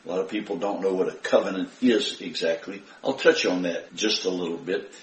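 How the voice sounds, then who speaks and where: A pastor delivering a sermon, stressing scripture readings with emphatic rises. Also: male voice, deep voice, fairly even intonation, brisk. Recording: roomy echo, from a distance.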